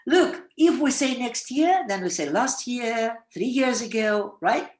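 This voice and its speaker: Woman teaching online, unhurried and sing-song, quizzing students, roomy echo. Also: fairly high pitch. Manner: animated, quizzing students with questions. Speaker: English writing teacher. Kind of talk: webinar lecture with students. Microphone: video call.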